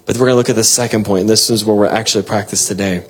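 A man preaching a devotional sermon and reading scripture, earnest and exhorting, with bursts of excitement and soft laughs. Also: fairly low pitch, rapid-fire, breathy edge.

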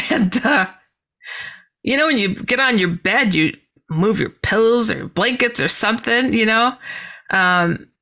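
A woman guest telling a personal story in a lively way, laughing and exclaiming often. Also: a little high, a little slow. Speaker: guest author.

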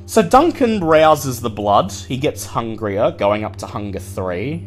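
A man's voice: medium pitch, big pitch swings, a little slow, faint music behind. A man running a tabletop game, explaining rules and narrating the action vividly. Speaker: game master.

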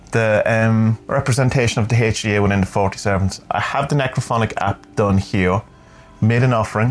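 A man hosting a podcast, talking in a rambling, thoughtful way and often searching for his words. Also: lowish voice. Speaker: podcast host. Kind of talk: reflective spoken vlog.

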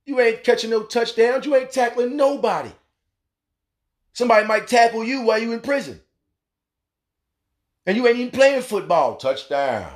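A man's voice: extremely high pitch, very animated, moderate pace, long pauses. A man hosting a talk radio show, delivering a blunt, profane monologue and acting out the voices he quotes. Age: adult, has a son.

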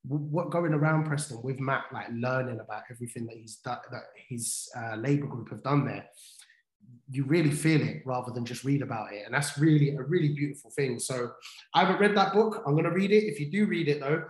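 A man's voice: mid-range voice, a little fast. Chatty man with roomy echo. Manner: chatty storyteller, many restarts and fillers. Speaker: livestream co-host. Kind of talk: casual chat.

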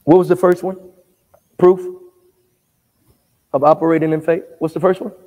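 A man with a notably high voice preaches a sermon in a church sanctuary, tossing questions out for the congregation to answer. He pushes up into shouted emphasis at times, and his words ring out with the long reverb of a large hall. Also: steady tone, moderate pace. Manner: call-and-response preaching, asking the congregation to answer back. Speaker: pastor.

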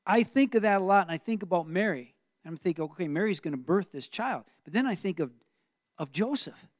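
Man, pastor, sermon, animated storytelling, high voice. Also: fairly quick, dry recording, clean studio sound. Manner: animated preaching, acts out Joseph's voice, asks the room questions.

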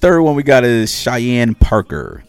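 A young man co-hosting a podcast, chatting casually and joking, slowing down to spell out names. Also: mid-range voice, very animated, faint music behind. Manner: laid-back, joking, slow when reading out names. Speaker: podcast co-host. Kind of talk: casual chat.

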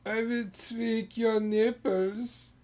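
A man putting on a strict, menacing German nanny woman with a German accent, slow and mock-stern. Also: very high voice, little pitch movement, a little mellow, voice pushed up, full character voice.

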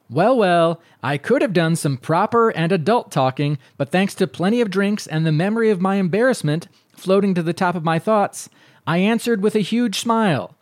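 A man co-hosting a podcast, reading a listener's email aloud in a steady, dry way with wry asides. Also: high voice, moderate pace, dry recording.

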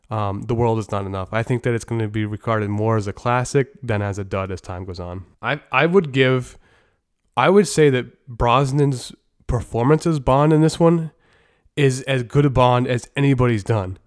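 Man, podcast host, casual movie review, blunt and joking, smooth clear voice, dry close sound. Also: medium pitch, moderate pace, dry recording. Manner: opinionated, blunt, joking, with profanity.

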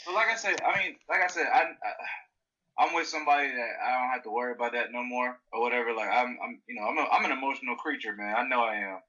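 A man's voice: medium pitch, fast talker, bright, forceful tone. A man co-hosting a casual chat, rambling and filling his sentences with "you know" and "like". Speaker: podcast co-host. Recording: dull lo-fi sound.

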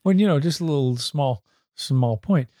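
Man making wry quick asides. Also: fairly high pitch, expressive, mellow, dry recording, clean studio sound. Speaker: podcast co-host. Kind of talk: casual chat.

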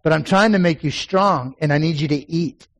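A preacher voicing God as a calm, fatherly figure who gently corrects him in a lower voice. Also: moderate pace, natural voice. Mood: gently correcting.

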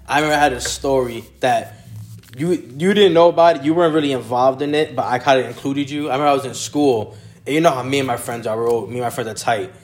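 A young adult man telling a personal story in a casual, animated way. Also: medium pitch, quick pace. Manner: animated storyteller, laughs easily.

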